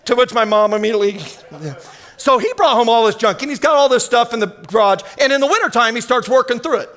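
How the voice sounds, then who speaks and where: A man, preaching an energetic sermon full of storytelling in a church. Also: very high voice, fast. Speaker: guest preacher. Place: church sanctuary.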